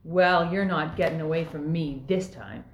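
A woman's voice: sits low, moderate pace, slight background noise, lightly acted. A woman reading the part of a bossy, suspicious female officer who barks accusations, in an amateur script reading. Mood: accusing. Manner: accusing, barking. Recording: echoey room.

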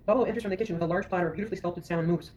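Rapid woman reading stage directions. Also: on the low side, a little mellow, dull audio. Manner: rapid, matter-of-fact.

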